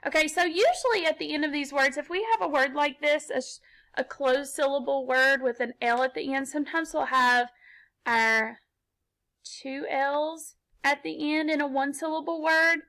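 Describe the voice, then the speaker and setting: A woman teaching a children's phonics lesson, explaining slowly and patiently step by step. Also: high voice, fairly bright tone, rough recording. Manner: slow, patient, step-by-step instruction.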